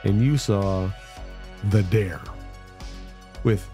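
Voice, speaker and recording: A man with a fairly low voice co-hosts a horror movie podcast while fighting bronchitis. He talks in a loose, joking, rambling way, and faint music plays behind him. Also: extremely slow, warm tone. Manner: joking, rambling, plugs socials. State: sick with bronchitis. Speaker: podcast co-host. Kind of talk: casual chat.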